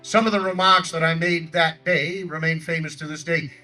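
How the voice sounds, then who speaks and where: A man's voice: steady tone, moderate pace, sharp tone, recorded from a distance, faint music behind, low-quality recording. A man playing an older Theodore Roosevelt, giving a declamatory outdoor stump speech in character in a park by a lake. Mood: rousing. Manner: booming, declamatory oratory. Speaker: historical reenactor.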